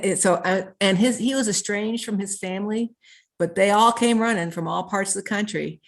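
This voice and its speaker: A woman's voice: fairly low pitch, vocal fry. A woman guest in an interview, telling a story earnestly and stringing her thoughts together with repeated "and". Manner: earnest, piles up clauses with repeated "and".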